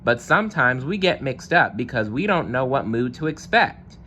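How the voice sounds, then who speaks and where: A man's voice: medium pitch, big pitch swings, normal speed, bright, forceful tone, slight background noise, voice pushed up. A man voicing a kind male zebra in a read-aloud storybook, announcing and reassuring in a raised, upbeat voice. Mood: encouraging. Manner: announcing, encouraging.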